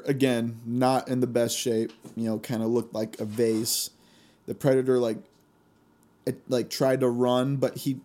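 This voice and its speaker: A young man hosting a casual solo podcast, telling stories in an animated, gleeful way and laughing often. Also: mid-range voice. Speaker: podcast host.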